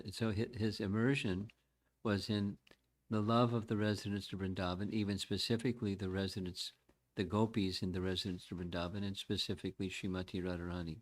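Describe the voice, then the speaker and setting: Older male teacher, low-pitched, measured devotional lecture, reflective delivery. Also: level tone. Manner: measured, reflective, chants verses slowly. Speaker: spiritual teacher.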